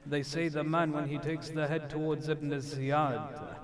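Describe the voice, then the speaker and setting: A man's voice: a little high, little pitch movement, a little slow, a crowd in the background. Impassioned man preaching a sermon. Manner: impassioned storytelling, voice rising when quoting, frequent "uh" fillers. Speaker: sheikh giving a sermon. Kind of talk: emotional religious sermon narration. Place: mosque.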